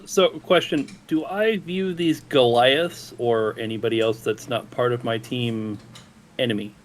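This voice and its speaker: A man playing a tabletop game on a stream, deliberate and careful about the rules. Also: mid-range voice, slight background noise. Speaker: player.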